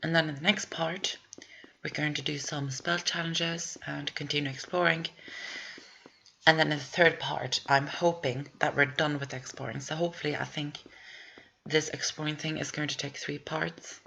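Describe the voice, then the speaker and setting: Brief: woman gamer, low gravelly voice, chatty walkthrough commentary. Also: steady tone, moderate pace, a bit bright, slight background noise. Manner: rambling, chatty, thinks aloud. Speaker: video game walkthrough player. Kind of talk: casual gameplay commentary.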